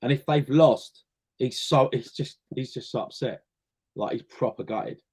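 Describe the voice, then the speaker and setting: The guest in this casual interview is a chatty man from North West London who works as a singer and actor. His voice sits at a middling pitch, a little slow and slightly rough, and he answers in a relaxed storytelling style, repeating a word or two as he thinks.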